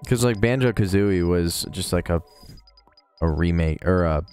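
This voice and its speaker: Low-voiced laid-back male streamer. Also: a little slow, darkish tone, clean tone, soft background music. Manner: rambling, laid-back, swears casually. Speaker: game streamer. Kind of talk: casual live-stream chat.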